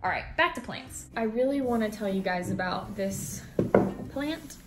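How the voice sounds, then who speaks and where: A woman's voice: medium pitch, animated, measured pace. A woman talking casually and enthusiastically in a home how-to vlog, with plenty of fillers. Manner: chatty, enthusiastic, lots of fillers. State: breathing heavily. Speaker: vlogger. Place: home office room. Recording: echoey room, faint music.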